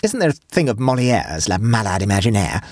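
A man's voice: lowish voice, sing-song, a little fast, darkish tone, dry recording, studio quality. A man voicing a young society woman with an arch, knowing manner.

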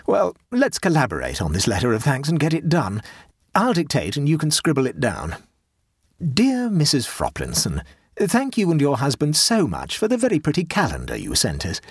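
A dutiful, faintly gloomy Edwardian husband, voiced by a male reader in a storybook reading. He talks in an earnest, plodding way with a husky tone. His voice rises and falls a great deal, close and dry. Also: fairly high pitch, huge pitch swings, normal speed, no room sound, voice pushed up, heavily acted.

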